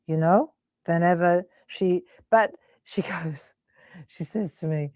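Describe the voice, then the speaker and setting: A woman's voice: fairly low pitch, measured pace, dark tone, no echo, clean studio sound. A middle-aged woman hosting a live crafting stream, chatting and giggling as she works. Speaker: crafting host.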